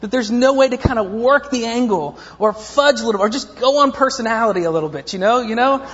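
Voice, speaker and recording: A man's voice: extremely high pitch, brisk, a bit bright. A man in his thirties preaching a sermon, telling a story with humorous, self-mocking asides. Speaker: pastor. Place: church sanctuary. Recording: echoey dull lo-fi church recording.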